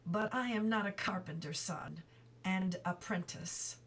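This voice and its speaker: A woman voicing a hot-tempered young boy who shouts in anger in a storybook read-aloud. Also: medium pitch, unhurried, far from the mic. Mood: polite. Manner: shouting in anger, archaic phrasing.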